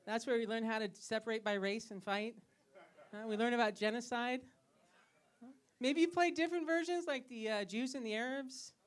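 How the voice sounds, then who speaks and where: A woman performing a stand-up comedy set as a pharmacist on a club stage, teasing the audience with questions. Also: a little high. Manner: teasing, asks the crowd questions.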